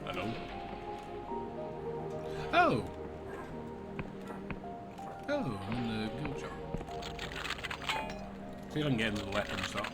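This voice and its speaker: Excitable streamer, lively voice. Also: male voice, fairly low pitch, a little slow, long pauses, over loud music. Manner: excitable, swearing, laughing asides. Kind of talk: live game commentary. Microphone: desk microphone that sometimes peaks.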